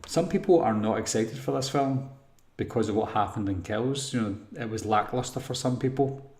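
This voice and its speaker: A man's voice: fairly low pitch, moderate pace. A man hosting a casual live Q&A for a horror channel, reading chat questions and answering in a rambling way with lots of ums. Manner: relaxed, rambling, frequent ums and throat clearing. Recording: roomy echo.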